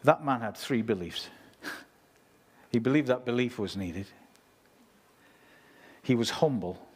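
A man's voice: mid-range voice, animated, slow, darkish tone, slightly rough. A man preaching a sermon in a conversational way, talking straight to the congregation. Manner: conversational preaching, reads scripture, asks listeners.

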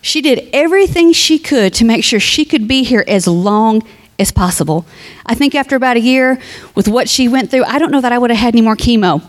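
This woman's voice sits slightly high and moves a bit quickly as she delivers a heartfelt funeral eulogy in a conversational tone. Reading passages of scripture aloud, she drifts into sermon and eventually speaks straight to the family.

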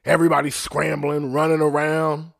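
A man hosting a podcast in a casual, profane rant, rambling and trailing off quietly, often laughing at himself. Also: fairly high pitch, monotone, normal speed, creaky. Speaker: podcast host.

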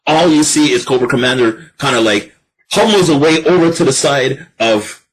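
A man co-hosting a podcast in casual chat, animated and breaking into high squeals as he acts out cartoon lines. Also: moderate pace, slightly rough, poor audio. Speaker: podcast co-host.

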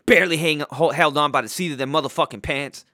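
A man's voice: fairly high pitch, quick pace, pushed and bright, no echo, clean studio sound. A man giving football picks in a profane, rambling casual rant, full of fillers and restarts. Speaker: host making football picks.

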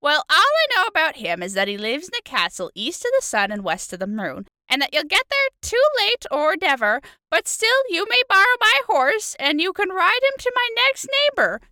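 A helpful old crone from a fairy tale, speaking in a high, raised storybook voice, as a woman puts her on. Her lines come out loud and lifted, with the creak of an old lady voice. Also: huge pitch swings, moderate pace, few pauses, no room sound, clean studio sound, full character voice. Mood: kindly. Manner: storybook telling.

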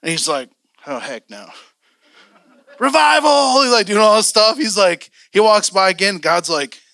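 A man teaching a class on prophecy, telling stories with lively acted-out voices. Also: moderate pace, no echo, clean studio sound. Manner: animated storyteller, voices his past self and others, jumps loud and high.

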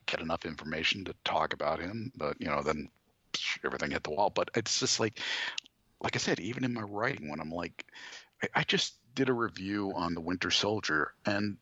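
Deep-voiced man, rambling and lively. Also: brisk, no echo, highs cut off. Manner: rambling, hesitant, many fillers and restarts. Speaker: guest, toy and comics reviewer. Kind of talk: casual conversation.

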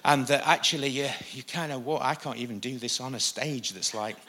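A pastor delivering a sermon from a church stage, preaching with animated emphasis and occasional jokes. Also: male voice, mid-range voice, a little fast, a little hiss or hum.

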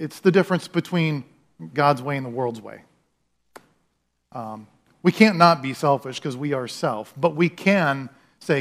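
Male pastor preaching, talks casual and earnest, kinda high voice, lots of restarts. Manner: earnest and conversational, with frequent restarts and asides. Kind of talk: sermon.

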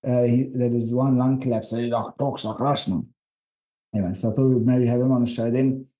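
A man with a South African accent, co-hosting a podcast, telling rambling, animated stories in casual chat. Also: mid-range voice, a little fast. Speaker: podcast co-host and documentary filmmaker.

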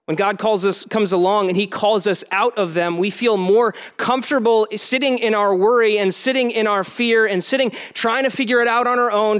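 A man's voice: high-pitched, fairly bright tone, smooth. A man preaching a sermon in a plain, conversational way, with relatable asides to the congregation. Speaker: pastor.

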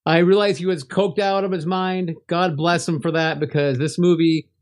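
A man's voice: fairly high pitch, fairly even intonation, normal speed. A man co-hosting a casual movie-review podcast, rambling with many restarts and frequent laughs. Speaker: podcast co-host.

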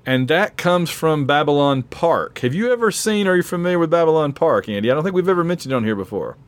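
A man co-hosting a relaxed podcast conversation, his voice worn and going hoarse. He talks like an eager fan, laughing easily and restarting his sentences as he goes. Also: fairly high pitch, quick pace. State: losing his voice. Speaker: podcast co-host. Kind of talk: casual chat.

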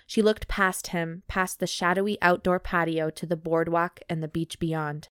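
This woman, co-hosting a comedy podcast, mixes casual banter with her partner and mock-dramatic readings of steamy romance passages, adding playful remarks as she goes. She speaks in a smooth, lowish voice with little pitch movement at a normal speed, studio quality with no echo.

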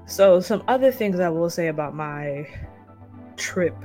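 A young woman vlogging, telling a story in a casual, dramatic and animated way with lots of slang. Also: fairly low pitch, a little slow, soft background music. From United States.

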